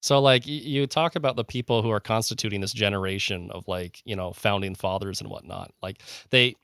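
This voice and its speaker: A man's voice: fairly low pitch, fairly even intonation, a little fast, a bit bright, clean tone, dry recording, clean studio sound. A man co-hosting a casual podcast, talking eagerly and rambling, with many fillers and restarts. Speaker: podcast co-host.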